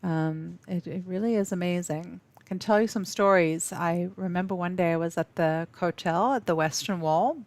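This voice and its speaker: A woman from South Africa hosting a live webinar from an office, speaking warmly and effusively with frequent ums and restarts. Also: lowish voice, normal speed, few pauses. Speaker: webinar host. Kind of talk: live webinar talk to viewers.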